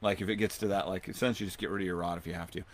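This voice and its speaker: A man hosting a podcast, telling a long outdoor story in a rambling, animated way and acting out what people said. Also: deep voice, racing, background noise. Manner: rambling, animated, acts out quotes. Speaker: podcast host. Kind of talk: casual storytelling.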